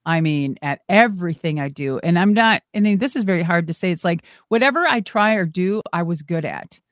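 A middle-aged woman, a former wrestler and monster truck driver, telling animated stories as a guest and swearing freely. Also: fairly low pitch, fairly quick, no echo. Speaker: interview guest. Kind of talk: casual storytelling.

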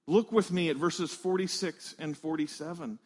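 A man preaching a sermon, earnest and emphatic, leaning on slow, stressed phrases. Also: on the high side, darkish tone. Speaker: pastor.

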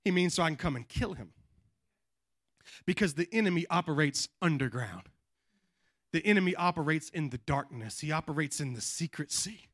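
A man preaching a sermon to a congregation, swinging between loud emphatic peaks and quiet, low passages, and calling on the people to answer back. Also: lively intonation, moderate pace, pauses often, no echo, studio quality. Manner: calls on the congregation to respond. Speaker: pastor.

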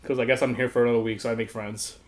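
A man tells a long story in casual conversation and laughs through it. He acts out the voices of the people in it. His pitch sits in a middle range. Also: flat delivery, rapid-fire. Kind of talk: casual chat.

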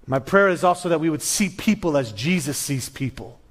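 A male pastor preaching a sermon in a conversational way, swinging between loud emphasis and hushed lows. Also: animated, moderate pace. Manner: conversational with restarts.

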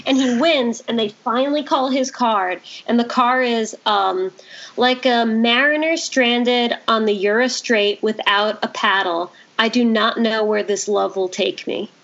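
A woman hosts a relaxed podcast, her voice sitting a touch high. She talks animatedly, tossing in quick asides. The recording sounds dull and lo-fi. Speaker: podcast host. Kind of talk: casual podcast chat.

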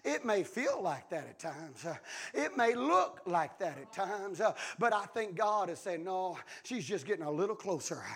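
A pastor preaching a sermon, swinging between shouted lines and hushed, almost whispered ones. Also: male voice, high-pitched, very animated, moderate pace, creaky, slightly rough.

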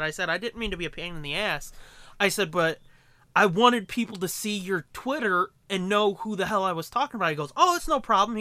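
A man co-hosting a podcast, telling a story in casual chat, animated and profane, acting out quotes. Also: high voice, no room sound. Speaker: podcast co-host.

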